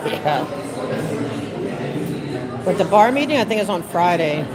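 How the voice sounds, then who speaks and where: A woman's voice: fairly low pitch, animated, fast, rough recording. A woman livestreaming from a phone in an indoor public space, chatting in a rambling way and reading viewer comments aloud. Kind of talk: casual livestream chat. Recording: loud crowd chatter behind. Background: loud crowd chatter.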